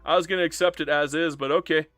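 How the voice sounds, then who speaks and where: A man live-streaming a game, his voice bright and forceful and set somewhat high. He talks in a lively, swinging way, turning from joking to earnest as he chats with his audience, a little emotional and upset. The sound is dry and close, with faint music under it. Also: quick pace, no room sound. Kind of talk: casual live-stream commentary.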